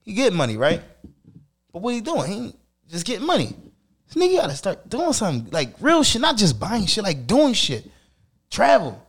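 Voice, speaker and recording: Animated high-pitched man telling stories. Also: moderate pace, slightly rough. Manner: animated, profane street slang, acts out quotes. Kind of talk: casual storytelling chat.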